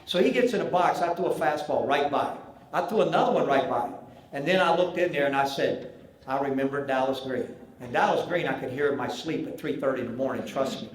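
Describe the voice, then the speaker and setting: A man in his sixties from North Carolina with a Southern accent, telling folksy, animated stories as a banquet keynote speaker. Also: mid-range voice, quick pace. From Charlotte, North Carolina. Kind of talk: after-dinner storytelling speech. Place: large banquet hall. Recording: echoey banquet hall with faint ambience.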